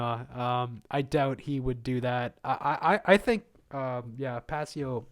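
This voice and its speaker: A man's voice: medium pitch, takes it slowly, few pauses. Male livestream host, mid-range voice, casual conspiratorial rambler who laughs a lot. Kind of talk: live Q&A monologue.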